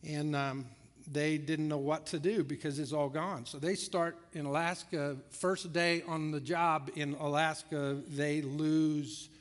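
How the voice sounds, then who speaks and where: Male pastor, fairly high voice, conversational storyteller, sermon in a big reverberant church hall. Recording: long reverb of a large hall.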